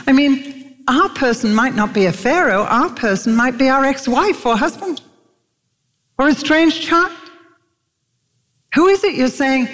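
A woman's voice: high-pitched, animated, unhurried, long pauses, a bit bright. A woman preacher telling stories in a sermon, emphatic, with sudden lifts in her voice. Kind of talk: sermon storytelling. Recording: long reverb of a large hall.

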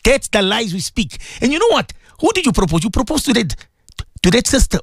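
A man's voice: very high-pitched, big pitch swings, a little fast, vocal fry, breathy edge, no room sound, clean studio sound. A man giving a fervent, repetitive radio sermon, preaching at his listeners with direct questions. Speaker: radio presenter giving religious advice.

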